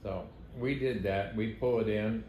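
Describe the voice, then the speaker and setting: A man's voice: lowish voice, steady tone, a little slow, dark tone. An older man, a grandfather, chatting with his family at home and telling a story in a chuckling, fondly teasing way. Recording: echoey room with background noise.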